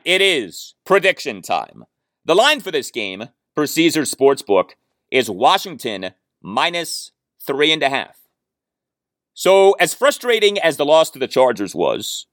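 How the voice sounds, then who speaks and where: Male sports podcast host, lively pitch swings, dry booth sound, opinionated stat talk. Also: dry recording. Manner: opinionated, stat-heavy, emphatic. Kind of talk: solo sports commentary podcast.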